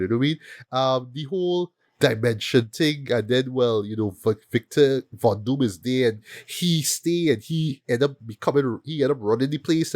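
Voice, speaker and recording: Podcast host, male, mid pitch, animated, keeps checking in with "right?", dry sound. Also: no room sound. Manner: animated, repeats words and asks "right?" often. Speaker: film review podcast host. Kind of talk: casual film review chat.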